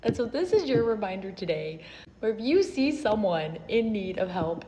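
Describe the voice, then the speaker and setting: A young woman telling an earnest, emotional story from her own life as a vlogger, with soft laughs now and then. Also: medium pitch, very animated, normal speed. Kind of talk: personal storytelling. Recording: slight hall reverb, faint noise.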